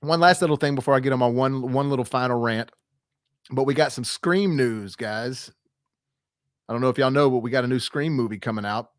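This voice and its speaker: A young man talks through movie news in a loose, excited ramble, full of fillers and asides to his viewers. His medium-pitched voice sits close and dry, with no room around it. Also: a little fast, dry recording. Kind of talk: casual online movie news talk.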